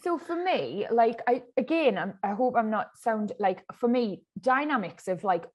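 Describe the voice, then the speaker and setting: A woman's voice: on the high side, animated, moderate pace, darkish tone. Chatty Geordie woman hosting a podcast. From Newcastle, England. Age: 30s. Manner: chatty, swears casually, many fillers. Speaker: podcast host. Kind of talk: casual chat.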